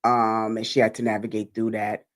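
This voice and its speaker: Host on a video call keeping things going, easy even voice. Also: medium pitch, normal speed. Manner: encouraging, frequent affirmations. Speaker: interview host. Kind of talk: casual interview.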